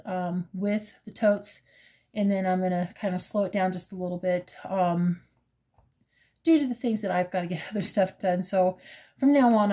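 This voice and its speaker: A woman in her fifties, talking in a casual personal vlog with a hesitant, halting manner full of fillers, earnest and openly emotional. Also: medium pitch, dark tone. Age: 50s. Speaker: crochet vlogger.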